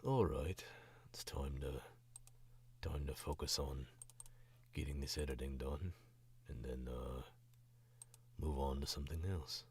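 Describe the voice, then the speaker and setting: A man's voice: extremely low pitch, steady tone, measured pace, long pauses, a little mellow, breathy edge. A young man and voice actor chatting casually on stream while editing his own audio, rambling and self-critical, into a studio mic.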